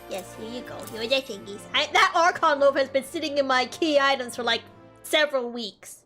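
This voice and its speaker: Casual woman streamer, very high and lively voice, music faint behind. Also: normal speed. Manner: chatty, self-mocking. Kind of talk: casual gaming stream chat.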